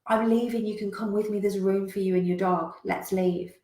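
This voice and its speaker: A woman's voice: mid-range voice, fairly even intonation, moderate pace, dark tone, natural voice. A woman voicing a friend on a boat, urging someone to jump in, urgent and pleading. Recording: roomy echo.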